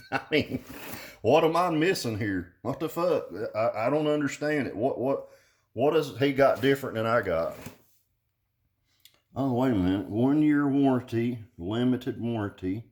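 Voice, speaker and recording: A man's voice: medium pitch, lively intonation, moderate pace. Cussing older man ranting. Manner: loud, cussing, mocking, laughs often. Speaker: car audio vlogger. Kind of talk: profane ranting vlog. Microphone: phone at arm's length.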